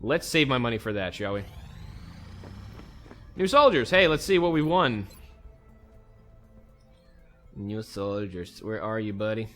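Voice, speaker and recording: A man's voice: fairly low pitch, expressive, a little fast, few pauses, fairly bright tone, soft background music. A man hosting a let's play, casually thinking aloud as he plays a strategy game. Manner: easygoing, thinks aloud while playing. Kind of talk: casual gameplay commentary.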